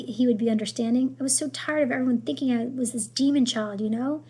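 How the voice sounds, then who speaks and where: A woman reading a children's novel aloud, with expressive storytelling. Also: on the high side, fast talker, few pauses, husky. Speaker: reader.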